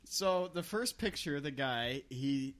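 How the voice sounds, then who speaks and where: A man's voice: mid-range voice, expressive, measured pace, fairly bright tone. A young man hosting a podcast, telling a rambling road-trip story in casual chat, swearing and laughing often. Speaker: podcast host.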